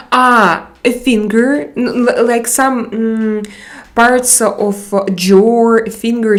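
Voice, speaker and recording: Woman streamer, slow unhurried talk, hesitant, chatting with viewers. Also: medium pitch. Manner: hesitant, searching for words with many pauses. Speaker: livestream host. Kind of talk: casual livestream chat, reading comments aloud.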